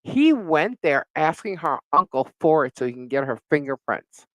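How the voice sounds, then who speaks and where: A man's voice: fairly high pitch, normal speed, no echo, poor audio. A middle-aged man co-hosting a live talk show, telling a neighbor story in casual chat, laughing often and cursing freely. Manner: animated storyteller, frequent laughter, swears. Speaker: podcast co-host.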